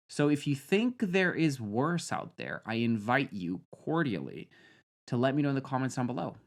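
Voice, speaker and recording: A young man reviewing a film with sarcasm, trailing off into deadpan mutters and jumping to loud, high outbursts. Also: moderate pace, gravelly. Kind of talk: sarcastic movie commentary.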